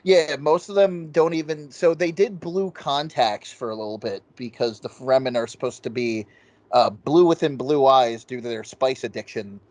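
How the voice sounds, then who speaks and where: A man's voice: mid-range voice, moderate pace, a little mellow. A man co-hosting a podcast, chatting loosely about a film and swearing freely as he rambles. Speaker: podcast co-host. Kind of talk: casual film review chat.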